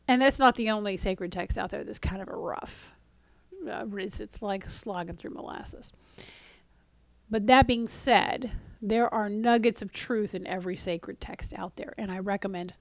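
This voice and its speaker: This woman's mid-range voice has a fairly bright tone and no room sound as she offers casual spiritual teaching straight to camera. She speaks conversationally, often using fillers and restarting, occasionally dropping to a near-whisper to stress a point. A mock-exasperated voice comes out when she imitates a frustrated reader.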